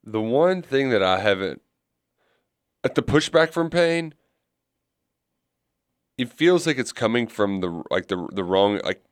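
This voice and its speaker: A man's voice: fairly low pitch, sing-song, unhurried, pauses often, clean tone, no echo. Man, sports co-host, rambling, conversational, dry close sound. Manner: conversational, rambling with many fillers and restarts. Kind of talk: casual sports talk.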